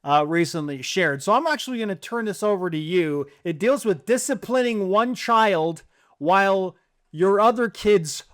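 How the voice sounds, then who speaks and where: A man's voice: sits high, expressive, fairly bright tone. Upbeat male podcast host. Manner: brisk, upbeat segment host. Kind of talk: casual chat.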